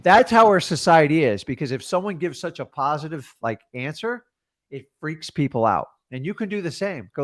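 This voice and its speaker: A man coaching a caller in a casual, blunt way, acting out phone calls with quick changes of voice. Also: on the high side, animated, dry recording, clean studio sound. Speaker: real estate investor coaching a caller.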